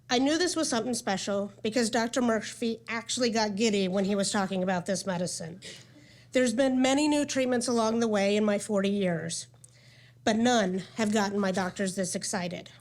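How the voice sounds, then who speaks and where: Woman in her forties, conference speaker sharing a personal story, candid and chatty, mid-pitched voice. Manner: candid and conversational, with many "um" and "like". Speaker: patient speaker at a medical conference. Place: conference session room.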